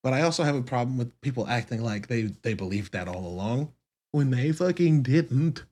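A man with a husky voice hosts his own podcast, thinking aloud in a casual, rambling way. He swears freely and often restarts his sentences. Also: mid-range voice, lively intonation, normal speed, mellow. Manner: casual, profane, rambling with self-corrections. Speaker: podcast host. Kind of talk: solo podcast monologue.

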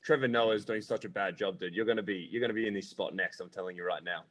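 A man's voice: fairly low pitch, quick pace, a bit bright. A man, a comedian guest, chatting over a video call with joking, self-mocking humor. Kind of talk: casual chat.

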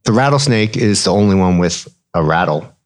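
A man in his thirties, a physician co-host, explaining medical topics in a relaxed podcast chat, mixing clinical terms with slang. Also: deep voice, brisk.

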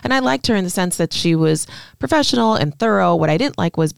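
Woman telling a story, clear dry voice. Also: fairly low pitch, animated, fast, no echo. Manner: emotional storytelling, acts out quoted lines. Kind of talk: casual podcast conversation. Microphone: studio mic.

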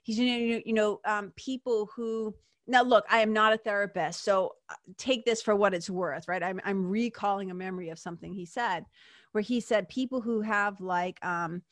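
A woman with a medium-pitched, fairly bright voice speaks at a moderate pace with fairly even intonation, recorded dry and clean in a studio. She hosts a podcast as a spiritual teacher, delivering a reflective monologue earnestly and conversationally, full of fillers and asides. Her manner is frank, and she swears now and then.

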